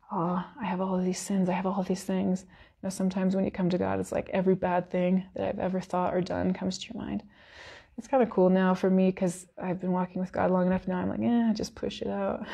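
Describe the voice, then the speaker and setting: Woman with a husky, gravelly voice for a heartfelt church devotional, earnest and near tears. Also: medium pitch, dark tone. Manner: earnest, emotional, close to tears. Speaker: worship speaker. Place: church service.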